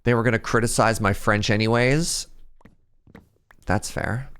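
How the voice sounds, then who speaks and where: A man's voice: fairly low pitch, steady tone, measured pace, a bit bright, clean tone. A young man from Canada streaming a building game, chatting casually with viewers, thinking aloud and poking fun at himself. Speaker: Minecraft streamer. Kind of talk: casual gameplay chat with chat.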